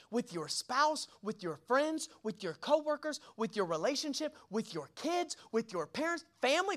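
A young man preaching a sermon as pastor, energetic and colloquial, with slang and rhetorical questions. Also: very high voice.

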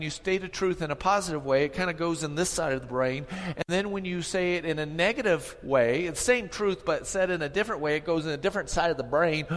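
A man delivers a sermon in a fairly high voice, driving points home through repetition and direct questions to the people in front of him. His words ring out in a church sanctuary with a long trailing reverb. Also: fairly bright tone. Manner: emphatic, repeats phrases for effect, asks the congregation questions. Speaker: pastor.

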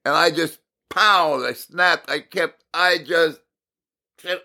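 A middle-aged Christian speaker gives a personal devotional talk, sharing a story slowly in a bright, forceful voice. He swings from exasperated, emphatic bursts to low, quiet reflection, repeating key words to drive them home.

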